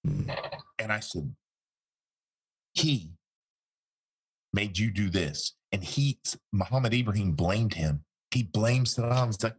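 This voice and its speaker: A man's voice: fairly low pitch, lively intonation, slow, long pauses, breathy edge. A man, a former interrogator, telling a story in an interview and acting out the quoted dialogue.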